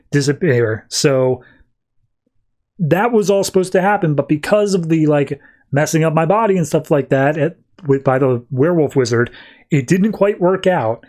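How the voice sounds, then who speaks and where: A man's voice: on the high side, a little mellow. A man hosting a podcast, casually retelling a comic story and paraphrasing the characters' lines as he goes. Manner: retells scenes with quick paraphrased dialogue. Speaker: podcast host. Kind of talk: casual comic book recap.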